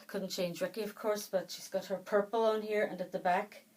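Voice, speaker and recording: A woman vlogging in casual chat to the camera, out of breath, her talk soft and halting, often trailing off. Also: medium pitch, flat delivery, rough recording. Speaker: doll collector vlogger.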